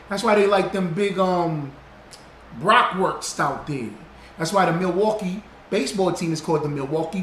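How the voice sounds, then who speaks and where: A man with a high, fairly bright voice hosts a livestream, reading viewer comments and greeting people by name. He teaches in a loose, casual, repetitive style that hammers his points home. The recording has a roomy echo and faint background noise.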